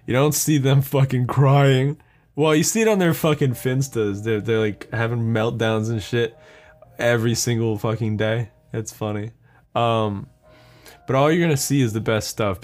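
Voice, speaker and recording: A young man hosts a solo podcast in a mid-range, darkish voice. His monologue rambles in a casual, profane, offhand way, and he laughs at his own jokes.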